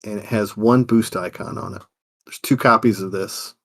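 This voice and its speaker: A man's voice: lowish voice, fairly even intonation, moderate pace, creaky, fairly bright tone. A man co-hosting a podcast, reading game cards aloud in a matter-of-fact way with dry quips. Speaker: podcast co-host.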